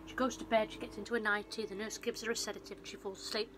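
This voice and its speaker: A woman's voice: mid-range voice, flat delivery, very fast, noisy background. A woman chatting on her vlog, rambling through a film plot with lots of fillers and restarts, recorded on a phone. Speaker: vlogger and film reviewer. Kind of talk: casual retelling of a film plot.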